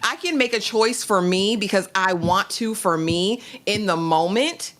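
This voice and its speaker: Frank lady giving her take on a tv episode, middle-pitched voice, quotes characters in high voices. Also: a little slow, fairly bright tone. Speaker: guest reviewer. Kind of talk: casual reaction chat.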